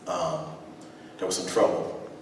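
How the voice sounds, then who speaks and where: A man performing a live spoken-word reading on a theater stage, reflective and halting, often starting over mid-thought. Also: sits low, steady tone, noisy background. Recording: echoey hall from far off.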